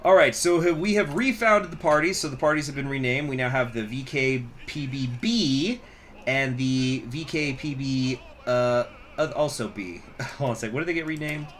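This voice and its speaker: A man's voice: mid-range voice, normal speed, fairly bright tone, slight background noise. A man hosting a gaming channel, telling rambling stories in casual commentary while he plays. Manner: rambling, chatty storytelling, reading chat. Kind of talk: casual commentary over strategy gameplay.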